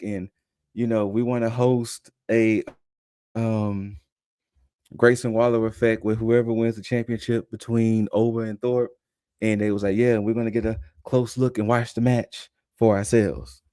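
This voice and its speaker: A man's voice: mid-range voice, warm tone, dry recording. A young adult man co-hosting a podcast, casually recapping events in a loose, conversational way and acting out quotes in passing. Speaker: podcast co-host recapping wrestling.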